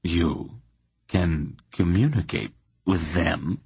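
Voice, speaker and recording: A man's voice: deep voice, animated, slow pace, darkish tone, husky, no echo, exaggerated voice. A man voicing a sly, courtly prince who speaks with wary politeness. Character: sly courtly thief prince, middle-aged.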